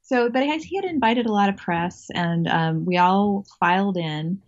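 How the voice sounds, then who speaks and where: A woman's voice: mid-range voice, animated, normal speed, highs cut off. A woman guest telling a story in a casual interview, chatty, laughing often and restarting her sentences.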